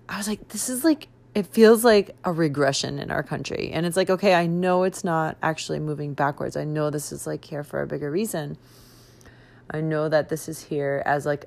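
A young woman with a notably low voice rants to her podcast listeners. She is agitated and outraged, swearing heavily and leaning on "like" between her thoughts in a loose, unscripted monologue. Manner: heavy swearing, frequent "like" fillers. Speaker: podcast host. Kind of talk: casual monologue.

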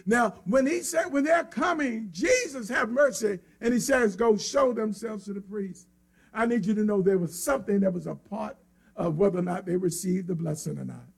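A man preaching a sermon with an impassioned delivery that swings from hushed near-whispers to cries. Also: high voice, moderate pace, creaky, slightly rough.

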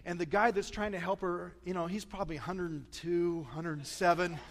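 Chatty Midwestern pastor in a big hall. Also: male voice, high voice, steady tone, fairly quick, gravelly, slight background noise. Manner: storytelling, chatty, self-deprecating humor. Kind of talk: sermon. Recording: long reverb of a large church hall.

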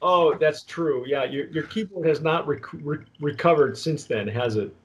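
A man's voice: fairly high pitch, fairly bright tone, slight background noise. A man hosting a casual tequila tasting chat, rambling and restarting often. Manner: rambling, halting, with many restarts and fillers. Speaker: tequila review host.

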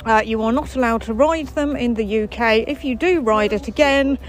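A woman's voice: on the high side, normal speed, soft background music, close to an everyday voice. A woman putting on the voice of a stern, officious male police officer issuing a formal warning.

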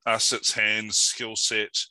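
A man's voice: fairly low pitch, completely flat delivery, slow pace, sharp tone, smooth, dry recording, rough recording. A man, hosting an interview and telling a funny story in a chatty way. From New Zealand. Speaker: interviewer, host. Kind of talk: casual interview chat and anecdote.

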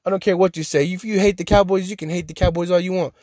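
A man with a slightly high voice rants through a casual solo podcast, fired up and repeating himself for effect. His voice is close and dry, with no room sound around it. He talks loosely, like he is venting to friends. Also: fast, no echo. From Texas. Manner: animated, ranting, repeats "you hear me?". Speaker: podcast host.

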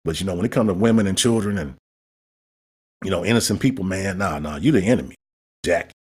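A man with a low, husky voice hosts a podcast in an impassioned solo monologue. He speaks with heated emphasis and often repeats words as he builds his point. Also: a little fast. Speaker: podcast host.

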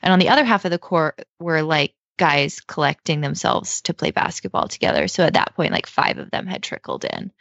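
Woman, 30s, low voice with vocal fry, casually and emotionally recounting a story with lots of fillers. Dry, lo-fi sound. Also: fairly quick, hardly any pauses, no echo. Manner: heavy use of fillers like "like" and "you know"; emotional, animated retelling. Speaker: mother telling a personal story. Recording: dull lo-fi dry recording.

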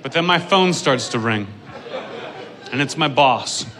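A man doing a stand-up comedy set on stage, profane and building to shouted rants. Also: mid-range voice, animated, unhurried, crowd noise. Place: comedy club stage with a live audience.

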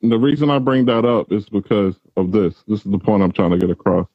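A man hosting an interview with a low voice, reflective and encouraging as he asks probing questions. The sound is muffled and lo-fi, with a dry, close feel. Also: fast talker, no room sound. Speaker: host. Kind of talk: interview, motivational talk.

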